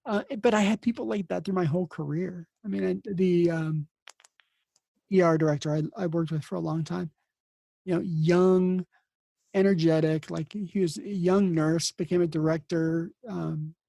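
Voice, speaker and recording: A man's voice: high voice, steady tone, normal speed, creaky, mellow, no room sound. A man who hosts a podcast and works as an emergency nurse, telling stories casually and rambling with many restarts. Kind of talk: casual storytelling.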